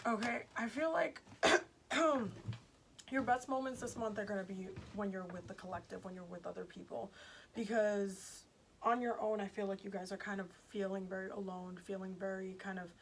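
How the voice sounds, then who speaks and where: A woman's voice: mid-range voice, steady tone, normal speed, slight background noise. A woman giving a casual, chatty tarot reading to her viewers, emphatic and repeating herself, with many fillers. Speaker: tarot reader.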